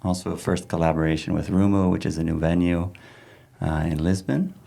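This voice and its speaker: A man's voice: low voice, fairly quick, gravelly, mellow. A man hosting a podcast interview, asking questions in loose, searching phrases with fillers. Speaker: podcast host. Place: artist room of a venue.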